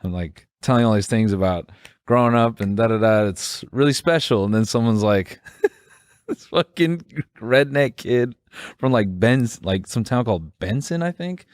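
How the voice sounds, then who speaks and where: A comedian co-hosting a podcast, telling a story in casual chat, rambling with lots of fillers and restarts. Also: male voice, medium pitch, lively intonation, moderate pace, no room sound. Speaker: podcast co-host; stand-up comedian.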